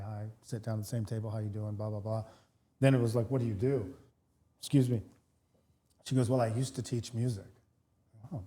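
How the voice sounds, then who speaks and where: A man tells a long anecdote on a podcast, quoting people as he goes and often restarting his sentences. His voice sits in a middle pitch with a mellow, dark tone. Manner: animated storyteller, many restarts, acts out both sides of dialogue. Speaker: podcast co-host, real estate broker. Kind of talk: casual storytelling chat.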